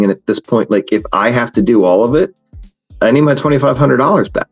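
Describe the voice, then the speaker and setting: A man's voice: medium pitch, expressive, fast talker, breathy edge, dull audio, soft background music. A man hosting a podcast in casual chat, talking frankly and rambling with many fillers and restarts. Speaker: podcast host.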